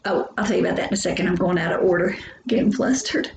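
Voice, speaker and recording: A woman's voice: lowish voice, fast talker, gravelly, a little mellow. A woman teaching a biology lesson in a chatty, joking way, talking straight to her students. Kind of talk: recorded lecture. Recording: echoey room, faint hum.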